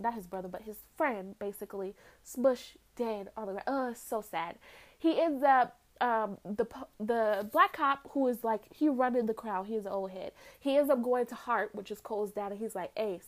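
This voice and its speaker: Animated young woman recapping a film. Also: on the high side. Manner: animated storyteller acting out characters' lines. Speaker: vlogger. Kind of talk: casual movie recap.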